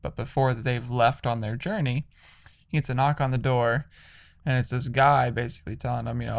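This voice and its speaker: A man's voice: medium pitch, steady tone, normal speed, gravelly. A man casually retelling a video game's story, rambling with lots of "like".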